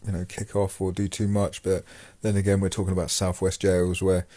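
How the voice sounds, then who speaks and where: A man's voice: low voice, monotone, a little fast, dark tone, no room sound. A man hosting a podcast, talking casually about his time in prison, rambling with many fillers and restarts. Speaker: podcast host and former prisoner. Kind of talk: casual monologue.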